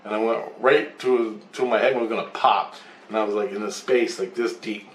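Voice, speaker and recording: A man's voice: on the low side, fairly even intonation, moderate pace, far from the mic, a little hiss or hum. A man telling a long rambling story in casual chat, swearing often and acting out both sides of the talk. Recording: roomy echo.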